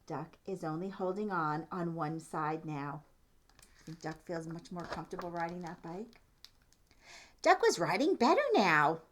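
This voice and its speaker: A woman's voice: on the low side, lively intonation, a little slow, a little hiss or hum. A woman reading a children's picture book aloud, asking the listener questions about the pictures as she goes. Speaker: storytime reader.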